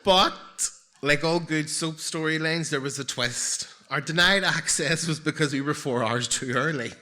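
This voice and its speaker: A man's voice: on the high side, normal speed, pushed and bright. A man in his forties telling a personal story live on stage, with wry, self-mocking humour and comic timing.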